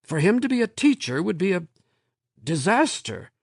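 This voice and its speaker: A man voicing a weary, stubborn male professor who speaks quietly but firmly. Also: high voice, very animated, moderate pace, creaky, dry recording, studio quality, pitched above the performer's own voice, full character voice. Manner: tired, quiet, firm.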